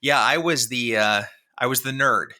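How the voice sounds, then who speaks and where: This is a middle-aged podcast co-host in casual chat, rambling through a self-deprecating tale and laughing a lot along the way. He speaks at medium pitch and normal speed, with a sharp tone.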